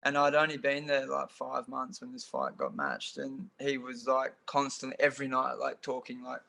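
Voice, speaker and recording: A man's voice: medium pitch, normal speed, gravelly, few pauses. A young Australian man, a Muay Thai fighter, telling stories in a casual podcast interview with lots of fillers. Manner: animated storytelling with frequent fillers.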